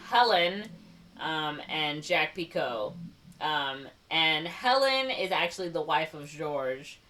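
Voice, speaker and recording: A woman's voice: low-pitched, animated, a bit bright, far from the mic. Rambling woman recapping a film, off-mic. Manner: rambling, filler-heavy storytelling with quick quoted voices. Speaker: podcast co-host. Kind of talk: casual movie recap.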